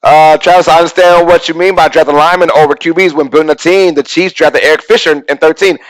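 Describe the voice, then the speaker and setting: Excitable new guy hosting a live sports stream, voice sits a bit high, riffs on chat. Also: fast, poor audio. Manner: excitable, reads and answers chat comments. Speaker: sports talk show host.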